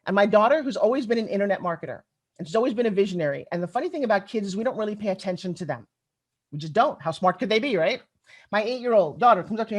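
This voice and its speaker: In a racing, husky voice of medium pitch, a middle-aged woman delivers a storytelling conference keynote. Her style is animated and chatty, and she talks directly to her listeners.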